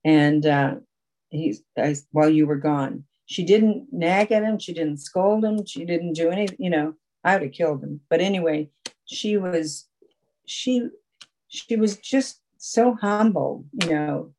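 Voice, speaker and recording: A woman's voice: low-pitched, unhurried, a little mellow, poor audio. Rambling woman sharing her story. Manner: rambling storyteller, full of fillers. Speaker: recovery meeting speaker. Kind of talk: personal story share at a support group meeting. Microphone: video call.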